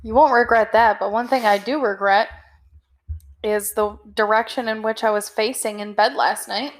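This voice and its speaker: Casting note: slightly high-voiced woman, chatty storyteller, casual podcast co-host. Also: fairly even intonation, moderate pace. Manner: chatty storytelling, laughs often. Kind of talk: casual chat.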